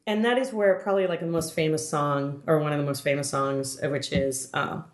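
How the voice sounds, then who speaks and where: This podcast host is a woman with a deep voice who talks fairly quickly while chatting casually about a film she's recapping. Her delivery wanders, packed with fillers and restarts, and the recording carries the echo of a roomy space.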